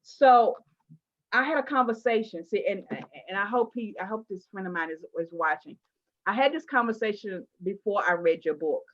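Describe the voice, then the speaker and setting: A woman talks through a candid interview. She tells stories with animated emphasis and playful asides, in a voice of ordinary pitch. The recording sounds somewhat dull and lo-fi. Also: normal speed.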